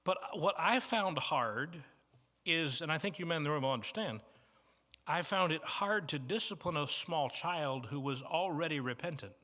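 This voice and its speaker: A man with a Midwestern American accent preaching a sermon as guest preacher, telling stories and moving between soft asides and emphatic points. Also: fairly high pitch, expressive, moderate pace. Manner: storytelling with shifts from soft to emphatic. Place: church banquet hall. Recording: reverberant banquet hall.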